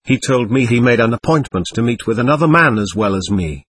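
A man narrating a first-person story aloud in an even, measured way. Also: mid-range voice, breathy edge, no room sound.

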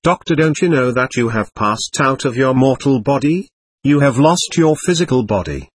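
A man reading as a patient, calm doctor. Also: mid-range voice, moderate pace, slightly rough. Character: calm patient male doctor questioning a spirit.

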